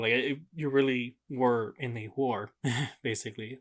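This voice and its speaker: A man co-hosting a podcast in relaxed, hesitant casual chat. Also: medium pitch, a little slow. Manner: laid-back, hesitant, many fillers. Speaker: podcast co-host.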